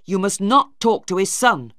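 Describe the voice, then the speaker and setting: A woman voicing a stern young man who speaks harshly and forcefully in a storybook reading. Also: medium pitch, animated, a little slow, no echo, studio quality, pitched above the performer's own voice. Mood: angry. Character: stern, angry young man, Maggie's brother.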